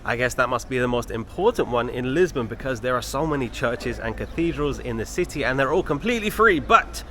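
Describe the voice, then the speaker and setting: Animated and brisk, this young man's medium-pitched voice has a sharp tone. He walks through city streets narrating a travel vlog on a handheld camera, easygoing and talkative, speaking straight to viewers; faint street and traffic noise is audible.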